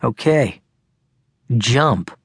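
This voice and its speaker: A bullying, impatient teenage boy who barks his taunts, as a male audiobook narrator voices him. The voice is husky and slightly breathy. It sits close and dry, with no room around it. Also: medium pitch, animated, very slow, no room sound, full character voice. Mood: taunting. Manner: taunting, barking. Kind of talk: audiobook character voice.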